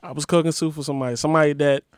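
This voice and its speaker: A man's voice: on the high side, fairly even intonation, rapid-fire, clean tone, dry recording, studio quality. A man who works as a chef, talking in casual chat, easygoing and hesitant with many ums.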